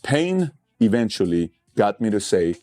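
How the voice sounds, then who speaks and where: A man's voice: lowish voice, very animated, unhurried, mellow, no echo. Impassioned male motivational speaker. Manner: emphatic and impassioned, building to outbursts; blunt, conversational storytelling. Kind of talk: motivational speech.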